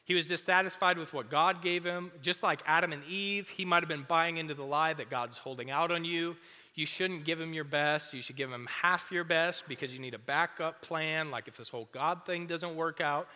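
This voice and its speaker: A young man giving a casual youth sermon as a youth pastor, chatty and full of "like", acting out quick little voices. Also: fairly high pitch, pushed and bright. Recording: long hall reverb.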